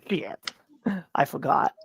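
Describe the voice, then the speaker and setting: A man's voice: drawn-out words, crowd noise. A man from upstate New York hosting a podcast in casual chat, rambling with many restarts and stammered repeats. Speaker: podcast host.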